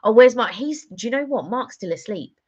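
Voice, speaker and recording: A woman's voice: on the high side, expressive, fairly quick, darkish tone, breathy edge. A woman chatting casually on a live stream, telling rambling stories with lots of fillers. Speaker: vlogger doing a live stream. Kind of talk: casual chat.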